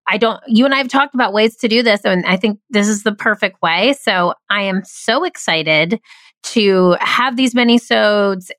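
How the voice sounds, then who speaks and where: A woman's voice: medium pitch, a bit bright, dry recording. A woman hosting a podcast, chatting enthusiastically with frequent restarts. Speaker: podcast host. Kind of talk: casual podcast chat.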